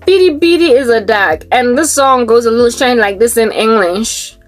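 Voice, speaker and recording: A woman with a fairly high voice talks through a loose, rambling vlog as a Christian vlogger. She reads search results aloud and slips into sing-song chanting. Faint music plays underneath. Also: moderate pace. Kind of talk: casual vlog monologue.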